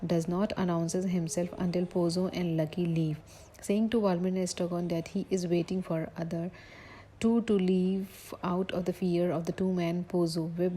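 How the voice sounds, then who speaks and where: A woman giving a recorded literature lecture, reading from notes haltingly, with slips and self-corrections. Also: lowish voice, mellow, slightly rough, rough recording.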